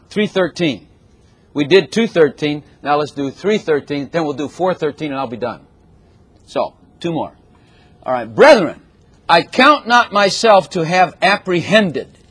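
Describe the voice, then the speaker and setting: Animated husky preacher man. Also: on the high side. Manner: animated, conversational preaching with sudden shouts. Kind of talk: sermon.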